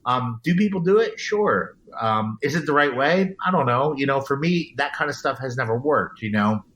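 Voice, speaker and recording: A man's voice: medium pitch, animated, normal speed, fairly bright tone. A man being interviewed as an event DJ, talking in an earnest, emphatic way with frequent restarts. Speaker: guest, event DJ. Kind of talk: casual interview.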